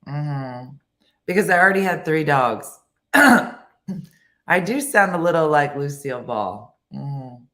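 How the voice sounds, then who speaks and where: Very low, hoarse-voiced chatty woman. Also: expressive, slow pace, pushed and bright. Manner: chatty, rambling, self-mocking, laughs often. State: hoarse, lingering cough. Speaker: host. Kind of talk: casual morning show chat, reading viewer comments.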